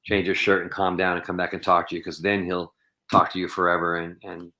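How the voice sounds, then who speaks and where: Brief: male podcast guest, deep bright-edged voice, rambling earnest storyteller. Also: flat delivery, a little fast. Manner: rambling anecdotal, heavy with "you know" and "um". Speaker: podcast guest, professional bowler.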